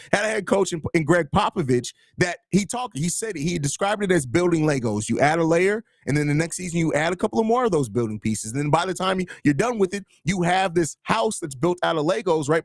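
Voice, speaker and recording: Man host, slightly high voice, dry close mic, casual live-stream talk answering chat. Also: lively intonation, fairly quick, few pauses, no room sound. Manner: reads and answers chat comments, argues points with restarts. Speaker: host of a live sports show.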